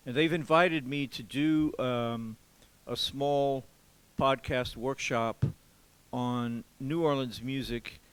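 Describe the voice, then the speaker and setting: A man from Louisiana, a drummer, giving an informal music lesson in a museum café, explaining calmly with pauses and counting beats aloud. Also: mid-range voice, clean tone, low-quality recording. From Louisiana, USA.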